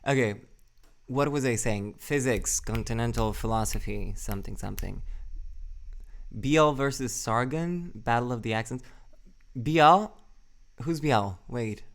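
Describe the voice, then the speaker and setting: A man's voice: medium pitch, normal speed. A young man chatting casually on a live stream, rambling, swearing often, laughing at himself and answering chat from a home setup. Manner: self-deprecating, laughs often.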